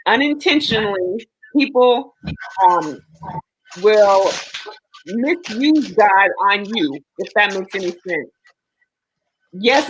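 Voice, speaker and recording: A woman's voice: mid-range voice, slightly rough, low-quality recording. A woman in a casual, supportive chat, talking earnestly and at length to reassure a friend.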